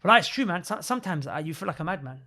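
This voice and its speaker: Rapid-fire emphatic man. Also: fairly high pitch, lively intonation, sharp tone. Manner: emphatic and repetitive, recites Arabic verses in rapid bursts; emotional, stumbling restarts. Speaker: podcast speaker. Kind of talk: impassioned religious discussion.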